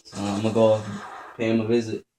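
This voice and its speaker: A somewhat fast, lowish male voice delivers profane let's-play commentary, muttering quietly to himself between outbursts and yelping in panic when startled. The recording has a roomy echo and constant background noise.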